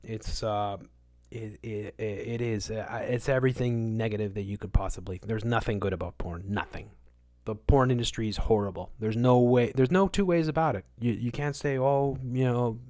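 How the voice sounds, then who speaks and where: A man hosting a livestream, answering chat in a casual rant, moralizing and repeating words for emphasis, at times loud, at times muttering. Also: fairly low pitch, normal speed, hardly any pauses, no echo, clean studio sound. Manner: swings between loud outbursts and muttered asides.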